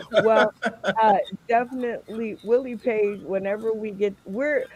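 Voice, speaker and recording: A man's voice: high-pitched, steady tone, unhurried, darkish tone. A man hosting a comedy game show over a video call, laid-back and chuckling. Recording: dry, dull lo-fi stream audio.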